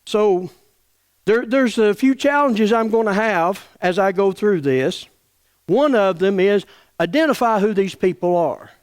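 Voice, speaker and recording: A man's voice: sits high, lively intonation, a little slow, clean tone. A man preaching an earnest, impassioned sermon as a pastor in a church.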